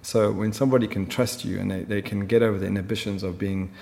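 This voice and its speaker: A man's voice: fairly low pitch, fairly even intonation, fast talker, gravelly, darkish tone, in a large hall. A man talking as a film director in an interview, chatty and full of fillers. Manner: chatty storyteller, many fillers. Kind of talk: conversational interview.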